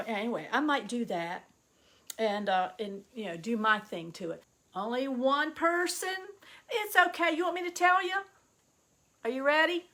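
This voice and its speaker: Gravelly, bright-voiced woman. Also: normal speed. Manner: excitable, chatty storyteller with bursts of high-pitched delight. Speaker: vlogger showing yard sale finds. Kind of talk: casual chatty vlog.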